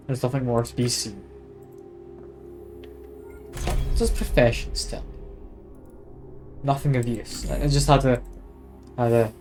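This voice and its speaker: A man's voice: mid-range voice, darkish tone. Man, game streamer, casual commentary, reading aloud, wry. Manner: chatty, wry, reads aloud with asides.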